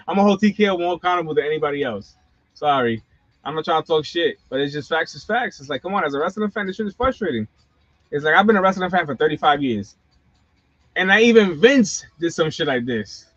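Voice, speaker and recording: A man's voice: on the high side, expressive, brisk, a bit bright, dry recording. A middle-aged man hosting a wrestling channel, ranting casually and profanely with lots of slang asides. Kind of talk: casual live-stream rant. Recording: dull lo-fi sound.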